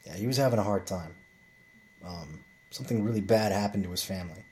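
A man's voice: deep voice, a little fast, darkish tone, a little hiss or hum. A man telling a rambling bar story in a blunt, profane, casual way, with frequent restarts.

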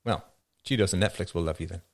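A man's voice: sits low, fast, creaky, no echo, studio quality. A man hosting a show, giving casual commentary and answering chat with rhetorical questions and frequent laughs. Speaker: show host.

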